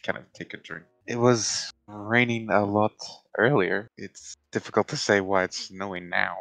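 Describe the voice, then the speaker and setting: A man playing a tabletop game, describing his character in a casual, relaxed way. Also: lowish voice, normal speed, creaky, no echo, rough recording. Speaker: player.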